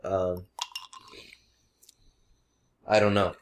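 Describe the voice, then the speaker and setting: A man's voice: low voice, level tone, very slow, a little hiss or hum. A man hosting a casual podcast, reading out listener questions and laughing often. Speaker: podcast host.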